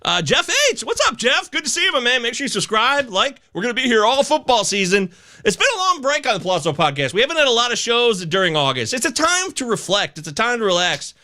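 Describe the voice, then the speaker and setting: A man hosting a live fantasy football show, talking in a rambling, animated way and swearing when upset. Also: very high voice, quick pace. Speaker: host.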